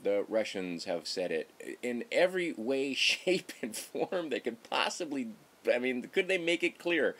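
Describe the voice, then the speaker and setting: A man's voice: medium pitch, sing-song, measured pace, a bit bright. A middle-aged man giving casual political commentary in a rambling, sarcastic way, often stopping to correct himself. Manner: rambling, sarcastic, self-interrupting. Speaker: political vlogger.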